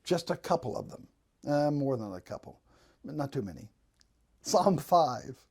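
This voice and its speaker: Man, pastor giving a devotional; slow, mellow, folksy storyteller. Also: on the high side, very animated. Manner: folksy, gently humorous storytelling.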